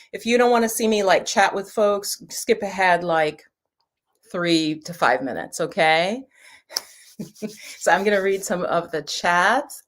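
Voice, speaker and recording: A woman hosting a casual livestream from her floor at home, chatting and rambling as she greets viewers before card readings. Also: lowish voice. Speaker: livestream host, angel card reader. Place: home room, sitting on the floor.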